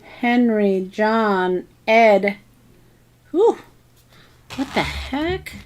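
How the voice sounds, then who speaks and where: A woman's voice: fairly high pitch, very animated, drawn-out words, a little hiss or hum. A woman hosting a crafting tutorial, thinking aloud in a casual, hesitant way with many ums and bits of self-talk. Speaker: craft channel host.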